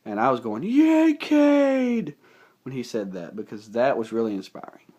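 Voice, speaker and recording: A man's voice: lowish voice, fast talker, breathy edge, lo-fi sound. A young man giving a casual, rambling movie recap, enthusiastic and full of fillers. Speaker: movie reviewer.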